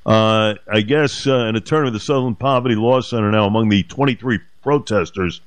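A man's voice: fairly low pitch, fairly quick, dry recording. A man hosting a talk radio show, speaking emphatically and indignantly, repeating his points.

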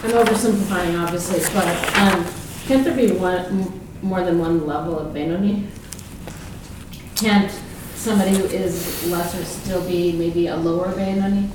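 A woman's voice: on the low side, fairly even intonation, normal speed. A woman in the class asking a hesitant question from the audience. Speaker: student in the class. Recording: far from mic, very echoey room, background noise.

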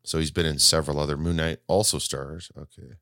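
A man with a very deep voice hosts a podcast on his own, chatting loosely and often restarting his sentences. The recording is dry and close, with no room sound. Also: fairly even intonation, a little fast, creaky, fairly bright tone, no echo. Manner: rambling, self-correcting, chatty. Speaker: podcast host. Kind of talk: casual solo podcast talk.

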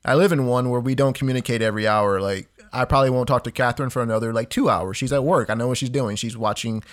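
A man co-hosting a casual podcast, pushing back in a relaxed way with restarts and lots of "like" and "dude.". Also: medium pitch, quick pace. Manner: hesitant, restarts, says "like" and "dude" often. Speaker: podcast co-host. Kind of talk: casual debate chat.

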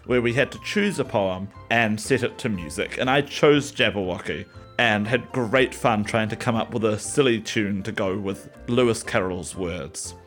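A man who gives a short personal introduction and then reads a nonsense poem aloud in a slow, deliberate way. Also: on the low side, fairly bright tone. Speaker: poetry reader.

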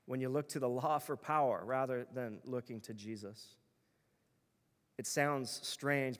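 A man's voice: medium pitch, big-room sound. A male pastor preaching a sermon in an earnest, emphatic way, building his points through repeated phrases.

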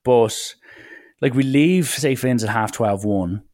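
A man's voice: mid-range voice, takes it slowly. A young man telling a casual, rambling anecdote and acting out the people in it. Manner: lively, jumps into quoted voices, rambling asides. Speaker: storyteller.

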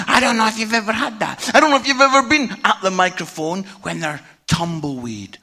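A middle-aged man preaching a humorous storytelling sermon, an animated teller with punchy asides. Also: high-pitched, fairly quick, few pauses. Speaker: evangelist preacher.

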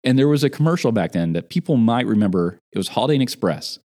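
A man in casual chat, telling an animated story about a job gone wrong. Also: mid-range voice, fast talker. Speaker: podcast guest.

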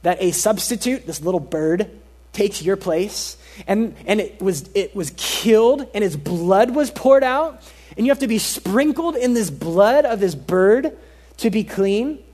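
A man preaching a sermon as pastor, earnest and emphatic, repeating key phrases and dropping his voice soft for stress. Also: high-pitched, expressive, measured pace.

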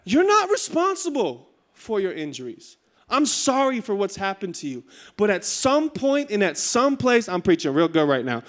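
A man in his thirties delivers a sermon with a light, high-pitched voice. He tells a funny story with animated energy, jumping up in pitch at the punchlines. Then he settles into earnest preaching. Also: normal speed. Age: 30s. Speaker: pastor. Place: church stage.

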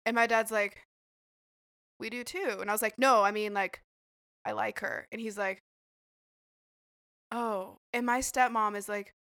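Twenties woman, guest on a casual podcast. Bright, a little high, rambling and profane. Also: steady tone, measured pace, pauses often. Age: 20s. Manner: chatty storytelling, swears freely, many fillers. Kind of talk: casual chat.

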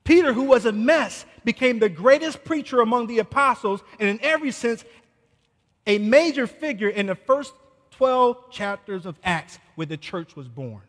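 A man preaching a sermon verse by verse, swinging dramatically between loud declarations and hushed asides. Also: extremely high pitch, animated, normal speed, long reverb tail. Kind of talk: expository sermon on scripture.

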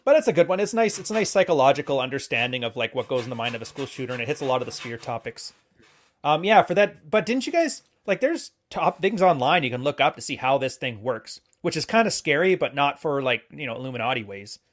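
A man's voice: mid-range voice, very animated. A man co-hosting a podcast, talking in casual chat with blunt, joking opinions. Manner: speaks quickly in long runs. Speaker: podcast co-host.

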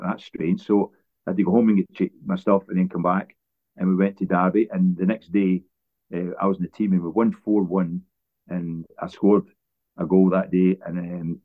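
A Scottish man, a former footballer, telling long rambling anecdotes as an interview guest with frequent restarts. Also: deep voice. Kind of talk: relaxed storytelling interview. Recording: tinny phone-like line.

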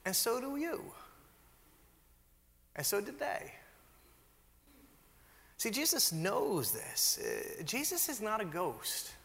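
A man preaching in a church, his voice high and bright and swinging widely in pitch as he acts out every quote. His words ring out under a long hall reverb. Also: takes it slowly, long pauses. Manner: animated storytelling, acts out quotes. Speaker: pastor. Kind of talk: sermon.

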